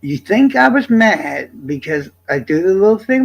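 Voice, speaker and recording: Brief: male streamer, gravelly rasp, blunt and exasperated, swears freely. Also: fairly high pitch, lively intonation, moderate pace, rough recording. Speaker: live streamer. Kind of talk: casual live-stream chat.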